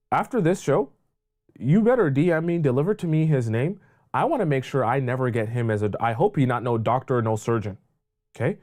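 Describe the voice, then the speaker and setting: A man hosting a live dating advice call-in show, ranting loudly and crudely mocking a caller's ex with drawn-out emphatic lines. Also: a little high. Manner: loud, mocking, crude rants. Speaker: dating coach host.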